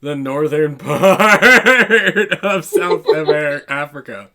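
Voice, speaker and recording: A man's voice: fairly high pitch, lively intonation, takes it slowly, crowd noise. A man giving playful updates on a board game in casual chat. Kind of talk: casual chat while gaming.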